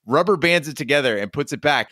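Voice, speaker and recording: A man's voice: on the high side, animated, quick pace, sharp tone, no room sound, studio quality. A man co-hosting a casual movie-review podcast, giving wry, critical commentary. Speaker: podcast co-host.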